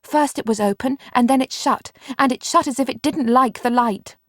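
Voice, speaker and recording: A woman's voice: sits high, normal speed, dry recording, studio quality, voice pushed up. A woman reading an audiobook, voicing an eager, impulsive young girl in a pleading, breathless way.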